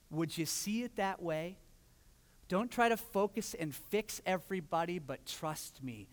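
A man preaching a sermon as pastor, telling stories and acting out quotes with lively energy. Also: high voice, a little slow. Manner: animated storytelling with acted-out quotes. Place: church sanctuary. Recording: long hall reverb.

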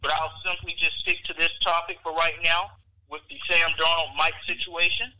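A man calling in by phone to a sports talk show, giving emphatic, measured opinions. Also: fairly high pitch, little pitch movement, bright, forceful tone, poor audio. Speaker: caller. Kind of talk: sports commentary. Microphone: phone call.

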